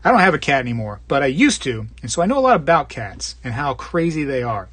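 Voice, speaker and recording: Chatty man with a husky voice. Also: sing-song, quick pace, a bit bright, no echo. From Florida. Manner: rambling, jokey, puts on squeaky voices for bits. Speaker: live stream host reading chat. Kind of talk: casual live-stream chat.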